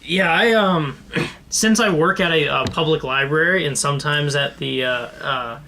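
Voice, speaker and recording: A podcast co-host chatting casually in a hesitant manner, often pausing mid-sentence. The voice is bright and forceful. Faint room noise sits behind it. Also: medium pitch. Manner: hesitant, halting, with many fillers. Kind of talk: casual comedy podcast chat.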